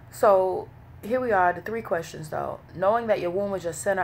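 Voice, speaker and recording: Candid low-voiced woman. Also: a little hiss or hum. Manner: candid, emotional, profane, many fillers. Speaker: vlogger leading a women's wellness study. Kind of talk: casual spoken commentary.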